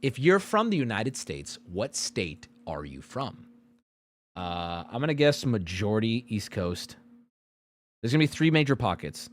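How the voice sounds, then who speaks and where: Loud, foul-mouthed male streamer. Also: lowish voice, very animated, a little slow. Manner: loud, profane, sarcastic, jumpy. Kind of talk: casual live-stream commentary.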